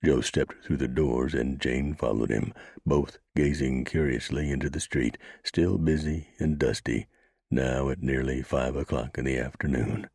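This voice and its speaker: A man narrating a western audiobook in a steady, measured storytelling voice. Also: very deep voice, breathy edge, no echo, studio quality.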